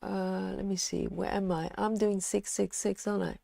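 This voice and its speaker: A woman hosting a casual live stream, chatting in a relaxed way and reading out viewer comments with frequent ums. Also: mid-range voice, moderate pace, gravelly, no room sound.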